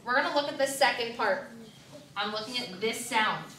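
A woman teaching first graders to blend words, with clear, directive prompts and counting down. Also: a little high, lively intonation, normal speed, pushed and bright. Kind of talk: classroom reading lesson. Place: classroom. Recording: echoey classroom from far off, children around.

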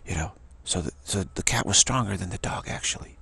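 A man giving a loose, playful spiritual talk with many restarts and repeated words. His voice is low and heavily gravelly, with a husky, breathy rasp throughout. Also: fairly quick, bright, forceful tone. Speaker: spiritual teacher.

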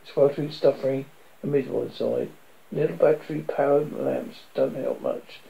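A man narrating a dramatic story in a steady storytelling manner. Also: medium pitch, normal speed, creaky, muffled recording. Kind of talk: scripted audiobook narration.

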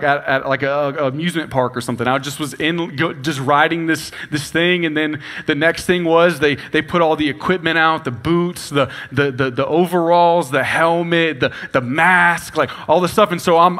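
A man, preaching a playful, animated storytelling sermon. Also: a little high. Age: 20s. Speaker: pastor.

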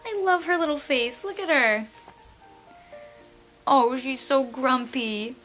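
A young woman vlogging an unboxing, gasping and gushing with delight, often trailing off softly. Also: sits high, takes it slowly, soft background music. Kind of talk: unboxing vlog.

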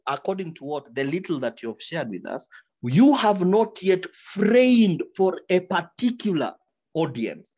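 Animated workshop speaker. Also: mid-range voice, highs cut off. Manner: animated, repeats words while searching for them, drops into quoted examples. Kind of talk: advice talk in a webinar.

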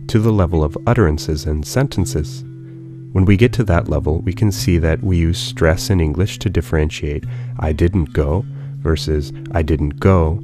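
A man narrating a language lesson in a calm, measured, explanatory way. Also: deep voice. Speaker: language teacher. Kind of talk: scripted educational narration. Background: guitar music.

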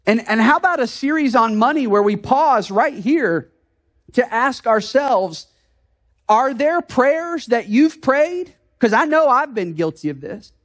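A male pastor from the United States preaching a sermon in an earnest, conversational way, with frequent rhetorical questions to the congregation. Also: extremely high pitch.

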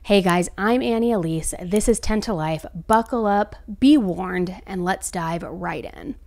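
A woman's voice: mid-range voice, a little slow, a little mellow. A woman hosting a true crime show, telling the case in a casual, chatty way with asides to her viewers. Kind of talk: true crime storytelling to camera.

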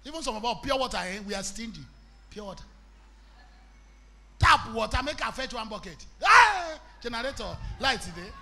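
Forceful high-voiced Nigerian preacher. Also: male voice, very animated, normal speed. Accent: Nigerian English. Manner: impassioned preaching, bursts into shouts, mixes in Pidgin. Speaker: evangelist. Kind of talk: sermon.

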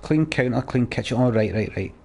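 A man's voice: medium pitch, lively intonation, fairly quick, gravelly, a little mellow, husky, soft background music. A Scottish man chatting and ranting as he plays a game, swearing freely. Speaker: gamer. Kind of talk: let's play commentary.

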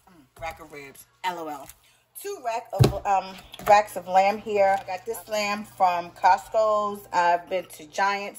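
A woman's voice: medium pitch, a little mellow, poor audio. A woman hosting a casual home cooking tutorial, chatty and upbeat, talking straight to her viewers, recorded on a phone in her kitchen. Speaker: cooking vlogger. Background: faint football game on TV.

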